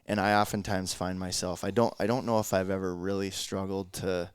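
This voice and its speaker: A man's voice: low voice, level tone, fairly quick, smooth, no room sound, studio quality. A man hosting a podcast in casual chat, thinking aloud and rambling. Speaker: podcast host.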